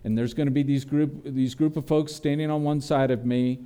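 A man's voice: medium pitch, fairly even intonation, normal speed, warm tone, clean tone. A man preaching a sermon as pastor, earnest and building to emphatic peaks.

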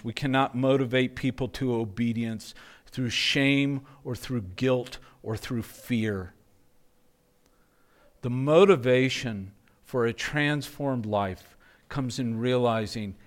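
A man preaching a sermon in a slow, measured way, letting phrases drop to a hush at their ends. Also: medium pitch. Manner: slow, measured preaching, softening to hushed endings. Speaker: pastor.

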